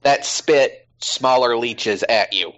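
A man's voice: mid-range voice, takes it slowly, a bit bright, lo-fi sound. A man hosting a podcast in casual chat, rambling with plenty of fillers. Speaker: podcast host.

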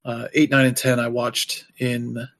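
A man's voice: medium pitch, little pitch movement, a little slow, fairly bright tone. Rambling man in casual chat. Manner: rambling, loose, heavy with fillers; wry, offhand asides.

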